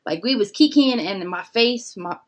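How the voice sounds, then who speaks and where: A woman from a big city in casual podcast chat, telling stories with lively acted-out quotes. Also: medium pitch, normal speed, crowd noise. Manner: lively storyteller acting out voices.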